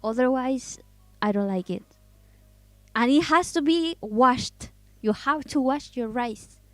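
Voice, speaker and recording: High-pitched spanish-native woman chatting slow on a drawing stream, rambly and giggly, faint music behind. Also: animated, dry recording. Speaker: artist streaming a drawing session. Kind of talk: casual live-stream chat.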